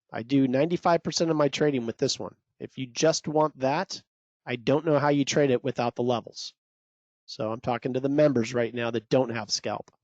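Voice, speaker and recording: A man's voice: on the high side, darkish tone, no room sound, muffled recording. A man coaching traders in a live webinar, talking straight to viewers in a salesy, pumped-up way. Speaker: trading coach presenting a webinar. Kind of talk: energetic live webinar teaching.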